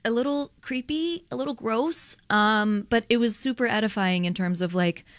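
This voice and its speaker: A woman's voice: a little high, no echo, studio quality. A woman journalist being interviewed, talking animatedly in a conversational way, with frequent laughs and lots of "like" fillers. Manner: animated, quick, laughs often, many "like" fillers. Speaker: radio journalist guest.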